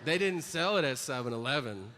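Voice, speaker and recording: A man's voice: mid-range voice, expressive, brisk, pushed and bright. A man doing a stand-up comedy routine on stage, telling crude, wry stories and acting out quotes. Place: comedy stage before a live audience. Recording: live audience noise.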